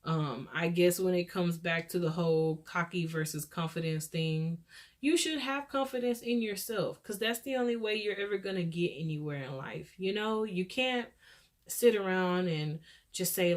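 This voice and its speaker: A woman's voice: fairly low pitch, normal speed. A woman with a Texas accent hosting her own show, rambling through an encouraging, preachy pep talk. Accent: Texan. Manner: scattered, rambling. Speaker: podcast host. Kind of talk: rambling solo chat.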